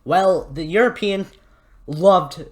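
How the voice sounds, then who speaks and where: A man's voice: sits high, slow pace. Irreverent man narrating history. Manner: irreverent, jokey, swears, rambles with fillers. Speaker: history channel host. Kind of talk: casual history video narration.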